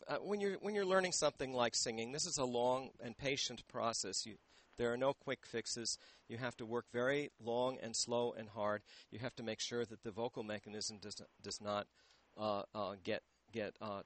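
Guy talking about voice training on a handheld mic, halting, keeps hunting for words. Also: medium pitch, fairly bright tone. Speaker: voice teacher. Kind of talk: explaining and demonstrating singing in a radio interview. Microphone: handheld microphone.

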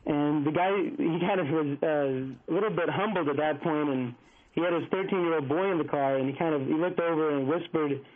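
A man's voice: a little high, fairly quick. A man reporting from his street organizing, telling an anecdote in a rambling, casual way with many fillers. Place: Los Angeles, over a phone line. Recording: tinny phone line on radio.

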